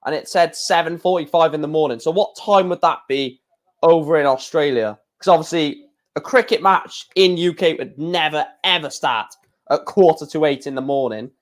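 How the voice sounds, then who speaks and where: Stream host, young man, rambling casual chat, voice a touch high. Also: moderate pace. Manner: rambling, chatty, self-correcting.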